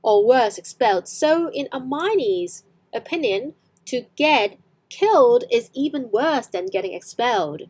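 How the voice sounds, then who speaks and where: A young woman whose first language is Cantonese, teaching English on a live stream and repeating lines slowly for practice. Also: high-pitched, animated, a little mellow, breathy edge.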